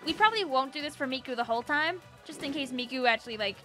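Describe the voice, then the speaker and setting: A woman hosting a gaming channel, giving excitable, joking let's-play commentary and talking to the characters on screen. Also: sits high, fast talker, faint music behind.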